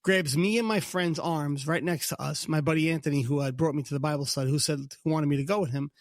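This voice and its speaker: High-voiced Brooklyn man telling a story. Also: fast talker, dry recording, clean studio sound. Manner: animated storyteller, acts out God's lines in a higher voice. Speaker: podcast co-host. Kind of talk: casual faith podcast chat.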